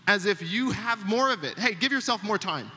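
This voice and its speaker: A young adult man preaching a storytelling sermon, animated and acting out the voices of people in his story. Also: sits high, moderate pace. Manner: animated, acts out quoted voices. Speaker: pastor. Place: church sanctuary. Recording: long reverb of a church hall.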